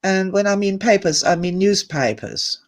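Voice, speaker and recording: A woman's voice: mid-range voice, animated, normal speed. A woman telling a personal story at a summit talk, candid and emotional, wandering off on tangents. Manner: emotional, candid, digressive, with sighs and laughs. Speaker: speaker at an online summit.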